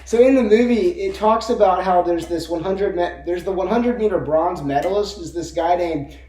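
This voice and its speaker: A man's voice: high voice, normal speed, warm tone, echoey room, poor audio. A young man co-hosting a casual movie chat, rambling with lots of fillers and frequent laughter. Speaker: co-host of a movie discussion channel.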